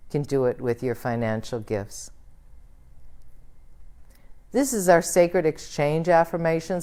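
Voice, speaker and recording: A woman minister leading a church service, guiding prayer and affirmations in a slow, soothing way. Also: deep voice, a little mellow. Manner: slow, soothing, leads the congregation in call-and-response. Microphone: livestreamed church service.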